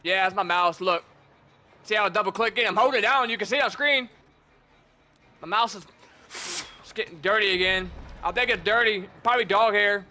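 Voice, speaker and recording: A young man streaming a game, talking casually and excitably, swearing and calling people bro and dude. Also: sits high, moderate pace, pauses often. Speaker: gaming streamer. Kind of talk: casual gameplay commentary.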